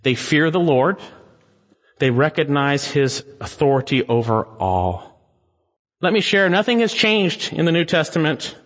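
A pastor preaching a sermon, swinging between raised urgency and hushed pleading, reading scripture slowly and solemnly. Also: male voice, fairly high pitch, lively intonation. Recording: long hall reverb.

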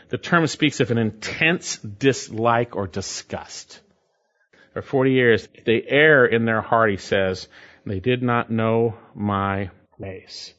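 A man's voice: medium pitch, fairly bright tone, muffled recording. A pastor preaching an emphatic sermon, his voice climbing when he stresses a point.

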